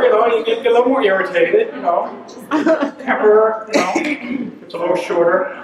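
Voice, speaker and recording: This humor speaker, a man in his sixties, delivers comic stories with animation, performing each quoted voice and laughing as punchlines land. His voice is high with the highs cut off, heard distantly in a noisy room full of echo.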